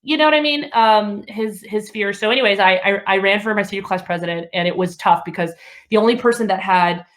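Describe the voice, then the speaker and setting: A woman in her thirties from Alabama doing stand-up, telling stories in an animated, chatty way with laughs between lines. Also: medium pitch, fairly quick. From Alabama, USA. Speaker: comedian. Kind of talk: stand-up comedy.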